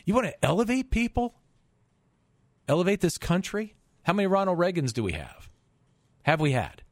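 A man's voice: high-pitched, big pitch swings, moderate pace, dry recording. A middle-aged man hosting a finance radio show in a studio, talking emphatically with rhetorical questions and stumbling repeats. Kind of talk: call-in radio talk monologue.

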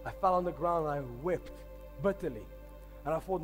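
A man preaching in a high voice, telling stories with emphatic, urgent delivery. His voice rings with a long reverb through a large church hall, with faint music underneath. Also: fairly quick. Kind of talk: sermon.

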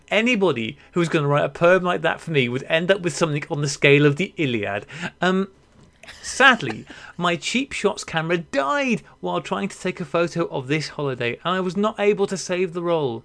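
Man, podcast host, gravelly, higher voice, giggly, reads listener emails. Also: lively intonation, normal speed. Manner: giggly, laughs through mispronunciations. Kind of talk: casual chat reading listener emails.

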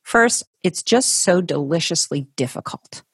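A woman's voice: fairly low pitch, animated, measured pace, creaky, fairly bright tone, slightly rough, no echo, studio quality. A middle-aged woman from Ohio, a guest in an interview, telling her story in a thoughtful, conversational way with some restarts and laughs. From Ohio, USA.

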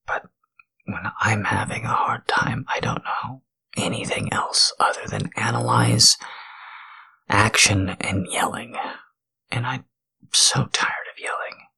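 A man in a whispered role-play, talking in a halting, tender, confessional way with a breathy, gravelly whisper. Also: lowish voice, very animated, sharp tone. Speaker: podcast host.

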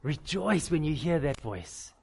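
Higher-voiced man preaching a candid sermon. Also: sing-song, unhurried, gravelly, slightly rough. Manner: candid personal storytelling with emphatic repeated lists. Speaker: pastor.

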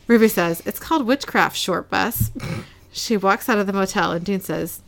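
A podcast co-host recaps a TV episode in a mid-range, gravelly voice at normal speed. She chats casually, reading scenes aloud, quoting characters' lines and laughing often.

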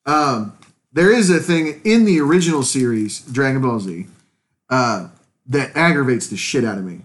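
A man's voice: medium pitch, normal speed. A man co-hosting a podcast, talking casually and opinionatedly, often laughing. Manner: opinionated, animated fan talk with laughs. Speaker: podcast co-host. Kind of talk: casual chat.

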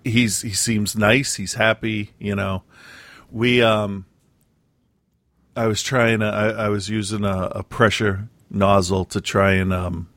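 Man, podcast co-host, low voice, dry close sound, casual rambling chat, lots of ums. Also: fairly bright tone, no room sound. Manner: rambling, hesitant storytelling with many fillers.

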